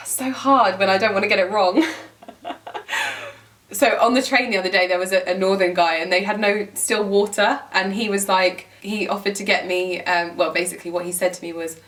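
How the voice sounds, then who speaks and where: A woman's voice: mid-range voice, steady tone, normal speed, a bit bright, distant mic. Giggly, rambling young woman. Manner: giggly, rambling, heavy use of "like". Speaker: lifestyle vlogger. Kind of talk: chatty storytelling to camera.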